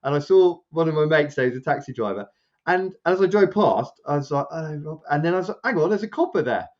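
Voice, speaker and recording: A man's voice: fast talker, highs cut off. A man, a podcast co-host, rambling through a casual anecdote and acting out what others said. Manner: rambling, animated, acts out quotes with raised pitch. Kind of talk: casual storytelling chat.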